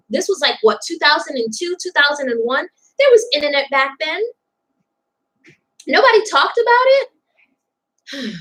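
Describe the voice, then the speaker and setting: A woman's voice: high voice, sharp tone, low-quality recording. A young woman commenting on a TV clip in a reaction vlog, outspoken and indignant, stressing her points with emphasis.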